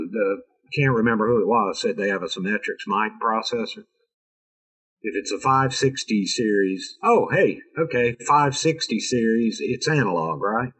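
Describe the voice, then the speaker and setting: A presenter from North America leads a casual engineering lecture by video call, joking around and tossing in sarcastic remarks. He has a husky, medium-pitched voice on a rough recording.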